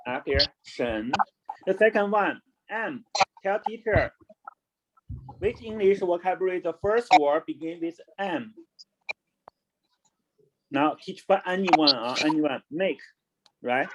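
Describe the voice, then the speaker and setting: Pitched high and with lively intonation, a male teacher takes kids through an online lesson, repeating words slowly, spelling them out, and mixing English and Chinese. There's heavy noise in the clip.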